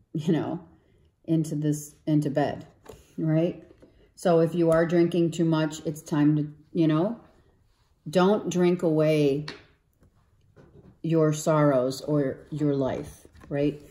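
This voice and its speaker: A woman reads tarot cards in a slow, unhurried monologue. Her voice is low and mellow and a little hoarse, as if she is losing it. The room around her is echoey. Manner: slow, coaxing, often asks okay and right. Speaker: tarot reader. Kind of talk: spiritual tarot reading monologue.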